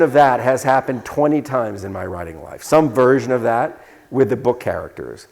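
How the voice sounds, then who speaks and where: Gravelly guy author rambling thru a story onstage, lots of restarts, mid pitch. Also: expressive, moderate pace, a little hiss or hum. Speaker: author answering questions. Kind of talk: live onstage conversation.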